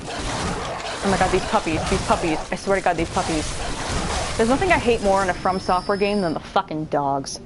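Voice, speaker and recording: A woman giving casual let's-play commentary, chatty and quick to swear and laugh as she switches between the story and the gameplay. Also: mid-range voice, lively intonation, over music. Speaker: gamer playing on video.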